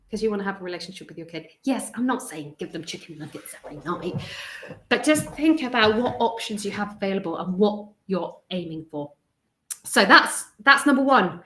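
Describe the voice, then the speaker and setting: A woman's voice: mid-range voice, fairly bright tone. Woman coaching on a live video from home, chatty, keeps going off on tangents, medium voice, room sounds a bit echoey. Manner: chatty, digressive, self-interrupting. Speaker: stress coach. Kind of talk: live video talk to an online group. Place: home room indoors, windows rattling in a storm.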